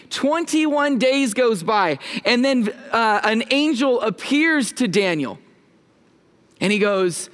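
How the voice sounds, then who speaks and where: A pastor in his thirties preaching a sermon from the front of a church. His voice is high for a man, and he keeps the tone loose and playful, joking with the congregation and asking them to answer back. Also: expressive, measured pace, fairly bright tone. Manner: casual, joking, talks with the congregation. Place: church sanctuary.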